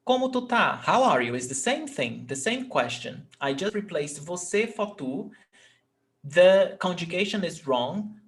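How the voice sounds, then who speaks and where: A man with a Brazilian Portuguese accent teaching a live online lesson, repeating example sentences and checking that students follow. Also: a little high. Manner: patient, repeats examples slowly, checks understanding.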